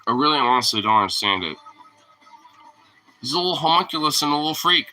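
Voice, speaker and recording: A man's voice: on the high side, animated, quick pace, long pauses, pushed and bright, soft background music, low-quality recording. A man ranting casually as a vlogger, rambling and profane, often laughing at his own points. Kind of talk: casual rant to camera.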